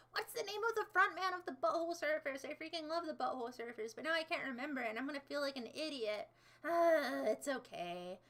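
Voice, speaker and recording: Bright, high-voiced playful woman streamer. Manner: playful, jokey, self-mocking. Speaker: livestream host. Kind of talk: casual chat reading viewer comments.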